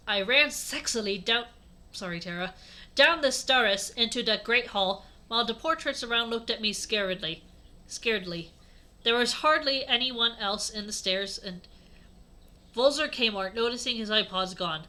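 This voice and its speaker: A woman's voice: a little high, normal speed, sharp tone. Sarcastic woman reading aloud for laughs. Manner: sarcastic asides, mocking the text. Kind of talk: comedic dramatic reading.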